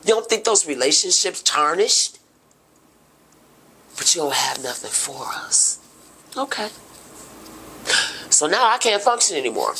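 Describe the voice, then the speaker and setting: A middle-aged woman, telling her own story on a podcast in an emotional, impassioned way, dropping to a hush and then rising loud. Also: on the low side, slight background noise. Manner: emotional, impassioned, swings between hushed and loud. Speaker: podcast host. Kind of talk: personal testimony.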